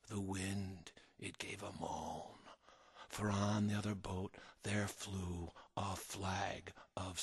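A man's voice: mid-range voice, sharp tone, long reverb tail. A man reading a rhyming children's story aloud in a theatrical, sing-song manner.

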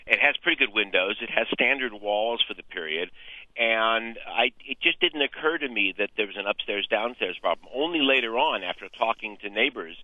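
Calling a radio show from the West Coast, the man works through his problem hesitantly, filling gaps with fillers. His voice is on the low side and animated, at normal speed, coming through a tinny phone line without room sound.

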